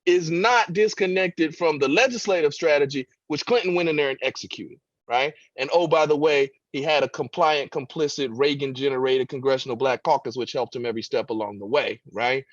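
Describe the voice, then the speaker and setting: A man's voice: fairly high pitch, fairly quick, few pauses, no room sound, muffled recording. A man giving impassioned political commentary as a radio guest, with emphatic, preacher-like rhetoric.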